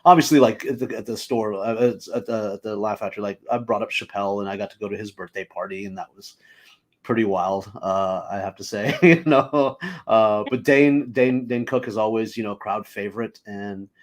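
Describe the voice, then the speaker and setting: A man with a fairly low voice, chatting as a guest comedian on a talk show. He tells his stories casually and animatedly, with many ums and uhs, and he acts out the voices of the people in them. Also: moderate pace. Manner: animated, filler-heavy, acts out quoted voices. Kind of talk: casual anecdotal storytelling.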